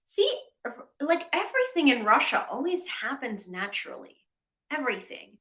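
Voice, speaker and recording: A woman's voice: a little high, sing-song, a little slow, pauses often, a bit bright. A woman hosting a livestream news commentary, chatty and sarcastic. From Ukraine. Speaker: host. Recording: echoey room.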